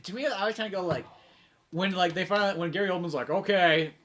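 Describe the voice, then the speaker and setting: Bright, lively high-voiced podcast guy. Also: racing. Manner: animated, laughing, profane, mimics characters. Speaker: podcast co-host. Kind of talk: casual chat.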